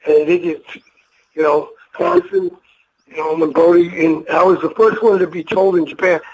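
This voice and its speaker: A man's voice: high-pitched, lively intonation, normal speed, gravelly, slight background noise, rough recording. An older man, a retired wrestler, telling rambling, profane, emotional stories in a casual interview. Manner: rambling, profane, emotional storyteller who acts out voices.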